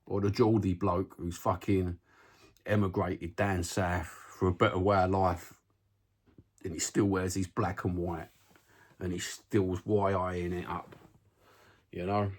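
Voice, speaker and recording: Seated at home, a Cockney man vlogs a casual rant straight to camera, blunt and full of swearing, peppering it with "you know what I mean." His voice sits low and level, unhurried, with long pauses.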